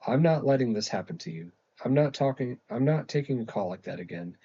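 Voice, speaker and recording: A man's voice: medium pitch, lively intonation, fairly quick, mellow, husky, dull audio. A man reading aloud and voicing an angry, strict middle-aged father scolding his daughter in a storybook. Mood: stern. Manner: stern and scolding.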